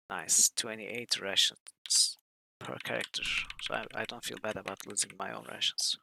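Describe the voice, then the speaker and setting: A man's voice: on the low side, fairly even intonation, moderate pace, vocal fry, bright, forceful tone, slight background noise. A man streaming a role-playing game, thinking aloud and reading the story text as he plays.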